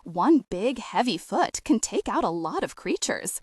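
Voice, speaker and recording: A woman's voice: medium pitch, very animated, measured pace, husky, no room sound. A woman voicing a wry, folksy male beetle who was once a cynical human, in an audiobook story.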